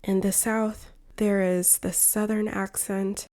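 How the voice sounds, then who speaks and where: A woman from the United States, an English teacher reading a shadowing lesson in slow, carefully separated phrases. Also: mid-range voice, flat delivery, a little mellow. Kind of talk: slow shadowing practice narration.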